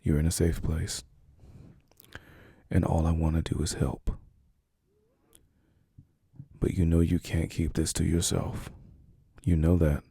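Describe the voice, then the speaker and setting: A man speaking softly and soothingly as a caring boyfriend in a whispered role-play. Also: rumbling low, creaky, slightly rough, dry recording, studio quality. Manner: soft, slow, soothing reassurance.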